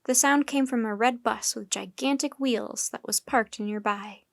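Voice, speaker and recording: A woman storyteller reading a children's chapter book aloud in steady, clear narration. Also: a little high, a little slow, no room sound, studio quality.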